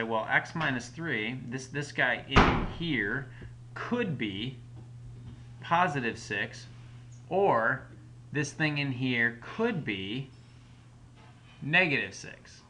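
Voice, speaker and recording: A man's voice: medium pitch, pushed and bright, a little hiss or hum. A man teaching a recorded math lesson at home, explaining each step patiently in a casual way. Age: adult parent.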